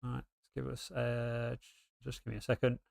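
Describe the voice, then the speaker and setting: A man's voice: medium pitch, completely flat delivery, moderate pace, vocal fry, a little mellow, no echo, clean studio sound. Chatty British man commentating a race. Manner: chatty, rambling, many ums and restarts. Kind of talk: casual live esports commentary.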